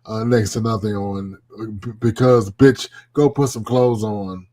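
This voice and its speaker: A man co-hosting a live talk show in casual banter. He talks in an animated way, swears freely and laughs often. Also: lowish voice, measured pace. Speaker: co-host.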